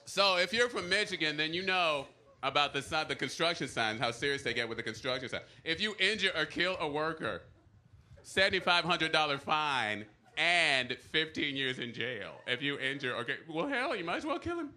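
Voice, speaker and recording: A man doing a stand-up set in a comedy club, his voice sitting a little high for a man. He keeps it conversational and keeps throwing rhetorical questions at the crowd. The live recording carries a clear layer of noise. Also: animated, moderate pace, bright, forceful tone. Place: comedy club stage before a live audience. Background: audience laughter.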